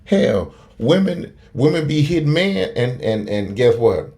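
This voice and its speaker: A man's voice: medium pitch, sing-song, unhurried, darkish tone. A man giving blunt, opinionated commentary on a phone, rambling with many fillers and restarts and plenty of profanity. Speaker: video commentator.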